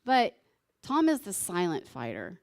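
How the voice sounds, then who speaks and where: A woman's voice: lowish voice, huge pitch swings, a little slow, creaky, darkish tone. A woman giving a sermon alongside her husband, conversational and teasing as she explains scripture.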